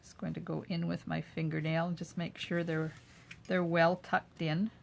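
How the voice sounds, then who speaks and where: With a deep voice that barely moves in pitch, an older woman talks at normal speed, with vocal fry, over a little hiss or hum. She's hosting a live craft demo in her home craft room, chatting, narrating her steps and answering viewer comments while working.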